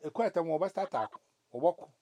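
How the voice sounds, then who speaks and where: A man with a Ghanaian accent telling stories in a casual chat, animated and full of restarts. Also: fairly high pitch, brisk, no echo.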